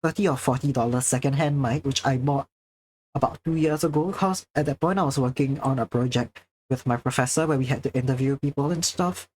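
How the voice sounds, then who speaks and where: Young Singaporean man, crisply enunciated. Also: mid-range voice, brisk, a little mellow. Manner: careful, precise enunciation with a presenter's projection. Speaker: livestreamer. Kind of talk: casual chat while drawing, answering chat.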